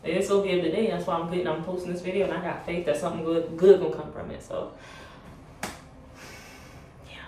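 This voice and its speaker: A young woman talks straight to her viewers in a lowish voice, emotional and half laughing to keep from crying. She sits back from the mic in a very echoey room. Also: little pitch movement, fast, pauses often, warm tone, distant mic, a little hiss or hum. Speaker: vlogger. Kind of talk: personal plea to camera.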